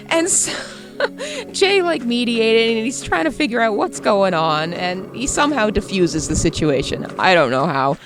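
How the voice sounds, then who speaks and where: High, lively woman telling a story. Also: normal speed, music in the background. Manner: animated storyteller, laughs often. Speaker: gaming channel host. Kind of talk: casual chat while playing a game.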